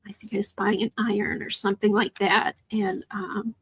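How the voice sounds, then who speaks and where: This middle-aged Chicagoan with a Midwest accent hosts a live art stream, casually talking with viewers and responding to comments while crafting. Her mid-range voice has vocal fry, fairly even intonation, and a moderate pace. The rough recording carries slight background noise.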